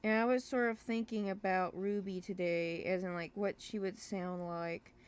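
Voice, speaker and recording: A woman who makes a webcomic, chatting casually on a livestream in a rambling, hesitant way, full of fillers and restarts and quick to apologize for herself. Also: medium pitch, fairly even intonation, clean tone. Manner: self-deprecating, apologetic. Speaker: webcomic creator streaming live.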